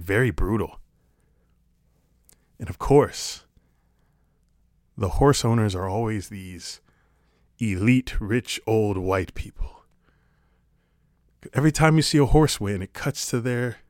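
A man's voice: fairly low pitch, takes it slowly, pauses often, darkish tone, dry recording, studio quality. A man talking to camera in a casual comedic monologue, sarcastic and rambling, swearing casually. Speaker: vlogger.

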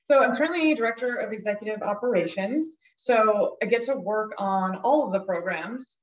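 A woman's voice: mid-range voice, moderate pace, echoey room, far from the mic, muffled recording. A woman from South Dakota, a guest speaking in a casual interview, grateful and full of ums. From South Dakota, USA. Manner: warm, grateful, frequent ums. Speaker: guest, nonprofit director.

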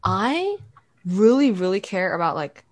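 A teenage girl co-hosting a podcast, telling family stories in a casual, animated way with many fillers. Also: medium pitch, a little slow. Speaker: podcast co-host. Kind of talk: casual chat.

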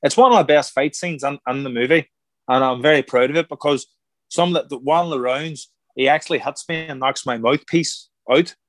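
Guy telling a story on an interview, lively, does the voices of people he quotes, dry close sound. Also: fairly high pitch, brisk, no echo. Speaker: guest, former boxer turned actor.

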